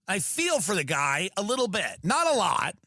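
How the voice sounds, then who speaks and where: A man hosting a podcast, riffing in a profane, animated comedic rant. His voice is bright and fairly high, and it sounds close and dry. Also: normal speed, no echo. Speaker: podcast host.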